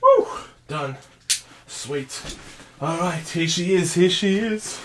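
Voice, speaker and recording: An excitable man chatting casually through a console unboxing for his vlog, calling everyone mate. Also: high voice, slow pace, a little hiss or hum. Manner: excitable, says mate a lot. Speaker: gaming vlogger.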